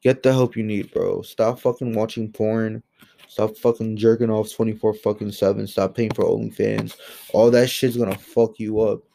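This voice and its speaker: Low gravelly young man ranting. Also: little pitch movement, normal speed. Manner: profane, heated, swings between yelling and muttering. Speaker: commentary host. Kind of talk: angry ranting commentary. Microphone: home microphone.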